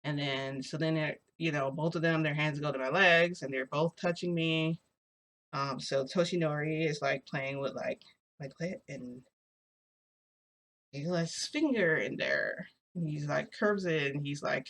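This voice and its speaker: Her voice is low-pitched and fairly bright, and she takes her time. This young woman tells a story vlog-style, wandering off track, pausing hesitantly, and saying "like" constantly.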